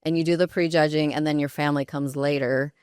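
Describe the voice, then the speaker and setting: Chatty woman telling stories, crisp and dry. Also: sits low, quick pace, no echo. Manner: chatty, animated, frequent "like" fillers and laughs. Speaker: podcast guest. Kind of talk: casual conversational storytelling.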